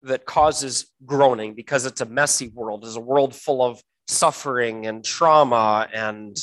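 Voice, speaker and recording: A man teaching a Bible verse word by word, often pausing with fillers and repeating words, slowing down to stress key phrases. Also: medium pitch, fairly bright tone, poor audio.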